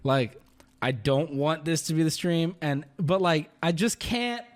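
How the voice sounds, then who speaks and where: A man's voice: a little high, a little slow. A male streamer telling a story in a casual, profane rant, acting out the people he quotes. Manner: animated, profane, acts out quoted voices.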